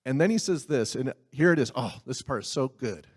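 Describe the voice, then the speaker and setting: A man's voice: medium pitch, lively intonation, a little fast. A man preaching a sermon in a conversational way, with asides and laughs. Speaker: pastor.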